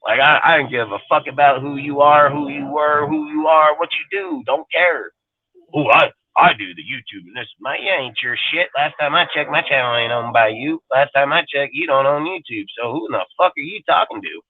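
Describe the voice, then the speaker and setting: A man's voice: fairly high pitch, animated, brisk, hardly any pauses, phone-quality sound. A man hosting a live fan show, ranting aggressively in casual talk and swearing constantly. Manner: aggressive, heavy swearing, mimics people mockingly. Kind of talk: profane casual rant.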